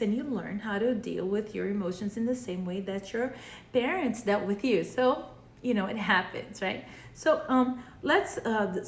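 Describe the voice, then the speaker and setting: Woman therapist teaching in echoey room. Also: mid-range voice. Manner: conversational, often checks in with "right?". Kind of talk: casual video lesson. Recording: echoey room, faint background hum.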